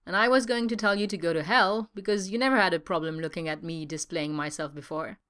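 A woman's voice: lowish voice, fast, a bit bright, clean tone, natural voice. A woman voicing a brash, swearing male artist who talks bluntly and sardonically. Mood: sardonic.

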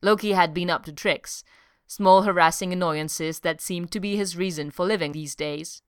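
A woman narrates a story in a measured, even reading. Her voice is smooth and on the low side. The recording is dry and close. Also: no echo. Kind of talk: audiobook reading of fiction.

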